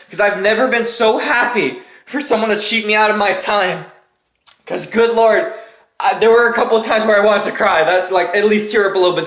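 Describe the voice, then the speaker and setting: A man telling a story to the camera, quick and animated, with lots of swearing. His voice is bright and lively, and it jumps up and down in pitch. The room around him gives an echoey ring. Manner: fast, profane, animated storytelling. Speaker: vlog host. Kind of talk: casual storytime vlog.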